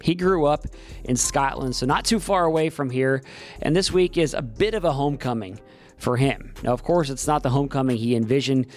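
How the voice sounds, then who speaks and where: A man as team media host, giving a smooth, measured scripted narration between clips. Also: mid-range voice, faint music behind.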